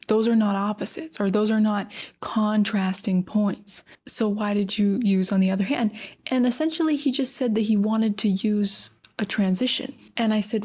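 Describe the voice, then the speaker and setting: A woman's voice: mid-range voice, darkish tone. A young adult American woman hosts a casual English lesson podcast. She talks in a chatty, emphatic way, full of everyday fillers. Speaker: English teacher.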